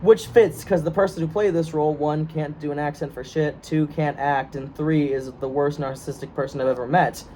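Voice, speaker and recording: A man's voice: a little high, steady tone, brisk, few pauses, dark tone. A young American man chatting casually before a script reading, joking, laughing often and tripping over his words. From United States. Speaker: co-host of a script reading video. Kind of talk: casual banter. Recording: faint room noise.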